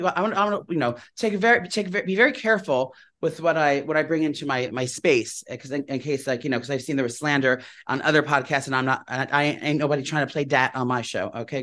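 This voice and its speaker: A man's voice: a little high, a bit bright. A man co-hosting a podcast, telling gossipy stories in a casual chat. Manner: rapid-fire gossipy storytelling. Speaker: podcast co-host.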